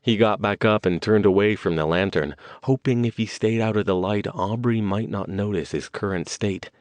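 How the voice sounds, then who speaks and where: A man narrating an audiobook in a measured storytelling manner. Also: lowish voice, darkish tone, no room sound. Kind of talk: scripted narration.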